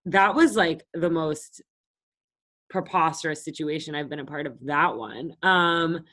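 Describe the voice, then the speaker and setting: A young woman in her late twenties co-hosts a podcast and chats casually. Her voice sits a little low, and she tells her stories bluntly, swears freely and speaks with confidence. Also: unhurried, a bit bright. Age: late 20s. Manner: blunt, profane storytelling. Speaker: podcast co-host. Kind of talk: casual chat. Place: Los Angeles.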